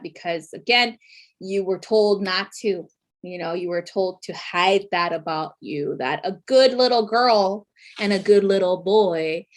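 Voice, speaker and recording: A woman talking casually to viewers as a tarot reader, chatty, with lots of fillers and frequent laughter. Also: mid-range voice.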